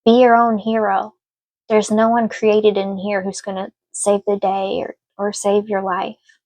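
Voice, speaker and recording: A woman's voice: mid-range voice, little pitch movement, measured pace, darkish tone, dry recording, dull audio. Earnest woman giving a tarot reading. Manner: earnest, emotional and reassuring. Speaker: tarot reader. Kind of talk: casual spoken tarot reading.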